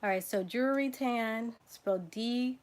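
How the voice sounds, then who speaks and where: A woman's voice: mid-range voice, fairly even intonation, slow pace. A woman with a Southern US accent hosting a casual livestream, reading out name lists, spelling names letter by letter and chatting with viewers. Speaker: genealogy livestream host.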